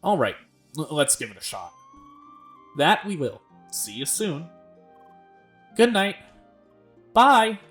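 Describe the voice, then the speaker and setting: A man's voice: medium pitch, sing-song, a little slow, long pauses, fairly bright tone, faint music behind. A man hosting a let's play, reading game dialogue aloud in a plain voice and stopping now and then to comment.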